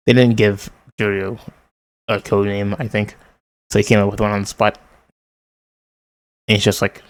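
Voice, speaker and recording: A man casually reading a manga aloud, reading out the character lines, commenting and laughing as he goes. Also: on the low side. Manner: reads character lines in quick voices and laughs often; excited outbursts. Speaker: manga reader. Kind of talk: casual read-along with commentary.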